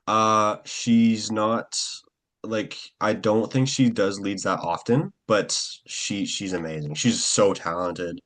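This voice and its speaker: A young man, an actor, chatting casually in an interview, rambling with lots of fillers and quick acted-out quotes. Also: on the low side, fairly even intonation, a bit bright.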